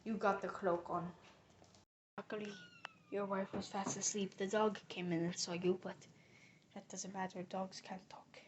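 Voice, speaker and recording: A woman's voice: mid-range voice, level tone, moderate pace, long pauses, a little hiss or hum. A woman narrating a mystery reveal, theatrically accusing the culprit as she retraces the crime step by step.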